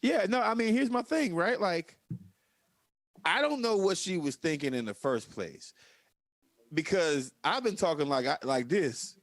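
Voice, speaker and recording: Lively man, expressive storyteller. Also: high-pitched, measured pace, no echo. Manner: animated storytelling, profane, emphatic. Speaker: podcast co-host. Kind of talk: casual political chat.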